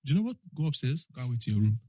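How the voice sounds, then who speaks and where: A man's voice: mid-range voice, very fast, no room sound. A man telling a funny story to friends in casual chat, acting out the voices in it. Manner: animated, acts out quoted voices. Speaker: podcast co-host.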